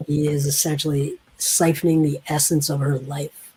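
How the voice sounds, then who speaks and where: A woman narrating as game master, unhurried and hesitant, with many fillers. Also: low voice, flat delivery, warm tone, husky, low-quality recording.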